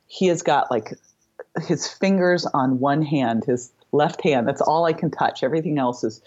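Low husky middle-aged woman storyteller. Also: moderate pace, a little mellow, muffled recording. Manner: vivid storyteller who acts out quoted dialogue. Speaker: podcast guest. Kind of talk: emotional personal storytelling in an interview.

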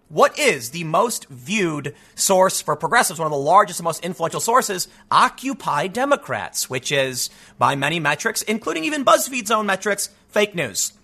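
A man in his thirties hosting a casual commentary show, reading news aloud with animated asides and rapid restarts. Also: high-pitched. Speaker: political commentary host.

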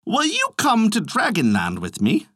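A naive young jellyfish, as a male storyteller puts him on, pitched high and sweet-talking in a squeaky, wheedling way. His voice leaps up and down with eager excitement, heard up close and dry. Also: measured pace, no room sound, heavily acted. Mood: coaxing.

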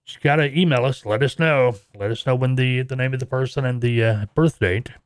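A man's voice: mid-range voice, fairly quick, no room sound, clean studio sound. Chatty middle-aged man hosting a podcast. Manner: chatty, jokey, rambling with laughs. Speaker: podcast host. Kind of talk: casual podcast monologue.

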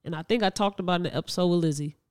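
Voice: mid-range voice, very fast, darkish tone. A young adult podcast co-host in casual chat, telling stories with frequent laughs and mid-sentence restarts.

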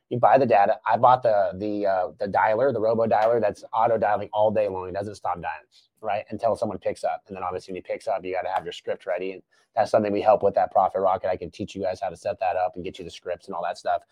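A man's voice: lowish voice, steady tone, fast, a little mellow, no echo. A man hosting a business podcast, coaching emphatically and swearing at times. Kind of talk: casual business podcast chat.

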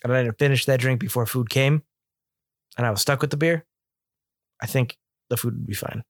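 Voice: mid-range voice, a little fast, no echo, studio quality. A podcast co-host in casual beer-tasting chat, joking and rambling.

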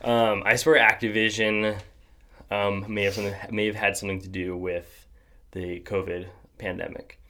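A young man with a lowish voice hosts a casual podcast conversation. He rambles, restarts his sentences and stacks up fillers, laughing often as he goes. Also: flat delivery, normal speed, pushed and bright. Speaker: podcast host. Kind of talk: casual chat.

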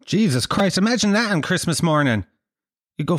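A man's voice: sits high, expressive, moderate pace, a bit bright, dry recording, studio quality. A man ranting in a casual vlog, sweary and sardonic. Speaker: vlogger. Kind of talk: casual rant to camera.

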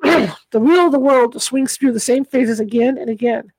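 A woman reads a classic story aloud in a measured audiobook style. Her voice sits a little high, and the recording is close and dry with no room sound. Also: a little mellow, no room sound, poor audio. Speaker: audiobook reader. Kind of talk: audiobook reading.

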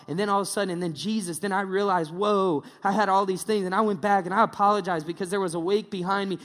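A man's voice: high-pitched, a bit bright, in a large hall. A male pastor preaching a casual, joking sermon, slipping into mocking impressions.

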